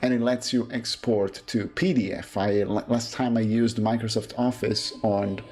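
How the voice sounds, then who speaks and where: A man's voice: lowish voice, steady tone, moderate pace, a little mellow. A man streaming a speedrun, rambling in a casual, jokey way between runs. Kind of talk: casual gameplay commentary. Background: game music.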